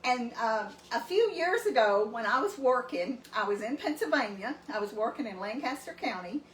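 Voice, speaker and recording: A Southern-accented woman from East Texas tells family stories in a rambling, folksy way, often laughing as she goes. Her voice sits a little high. She sounds a bit distant in an echoey room, with a faint hiss underneath. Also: animated, moderate pace, a bit bright. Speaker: cooking show co-host. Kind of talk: casual storytelling.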